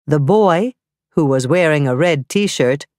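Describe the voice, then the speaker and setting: A woman narrating a scripted grammar lesson, reading slowly and carefully with clearly spelled-out examples. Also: low-pitched, lively intonation, darkish tone, dry recording, studio quality. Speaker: teacher.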